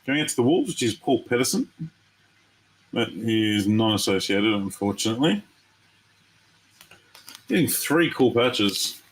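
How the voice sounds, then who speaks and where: A man's voice: lowish voice, measured pace, long pauses, poor audio. A man from Australia hosting a live trading card break, chatting casually with viewers and reacting to each pull. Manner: chatty, excitable, talks to viewers. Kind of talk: casual live-stream commentary.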